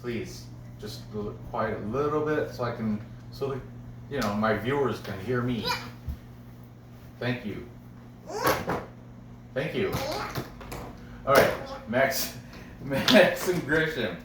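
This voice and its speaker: A man's voice: medium pitch, expressive, takes it slowly, pauses often. Chatty man rambling in a roomy space. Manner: chatty, self-correcting, laughs often. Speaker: sports betting picks host. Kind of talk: casual rambling commentary. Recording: roomy, from a distance, faint background noise.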